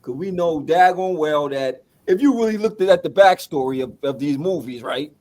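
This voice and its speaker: A man's voice: fairly high pitch, expressive, normal speed, a little mellow. Reflective man musing on a podcast. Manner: reflective, explains points step by step with tag questions. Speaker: podcast co-host. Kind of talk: casual movie chat.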